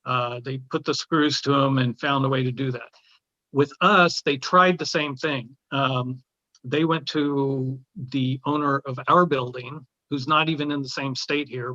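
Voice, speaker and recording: A man who owns an art gallery, speaking as a guest in a discussion, often halting and restarting his sentences. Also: medium pitch, sharp tone, no echo, lo-fi sound. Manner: hesitant, many restarts and fillers. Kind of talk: conversational discussion.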